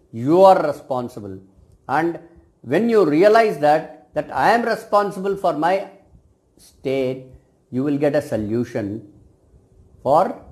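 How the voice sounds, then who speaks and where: A man, a cosmetic science lecturer giving a reflective video talk to his students, speaking in measured phrases that often end with "right?". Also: fairly high pitch, a little mellow.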